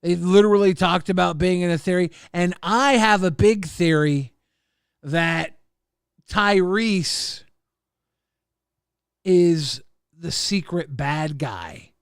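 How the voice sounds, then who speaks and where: A man hosting a livestream, casually reading viewer messages and rambling with plenty of swearing in a deadpan way. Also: sits high, slow, long pauses, clean tone, no echo, clean studio sound. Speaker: stream host.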